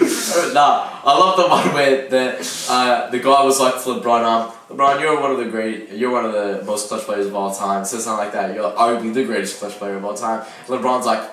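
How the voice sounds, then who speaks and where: A young man co-hosting a podcast in casual chat, telling animated stories and laughing often. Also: mid-range voice, a little fast, hardly any pauses, a little hiss or hum. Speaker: podcast co-host. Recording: echoey room, distant mic.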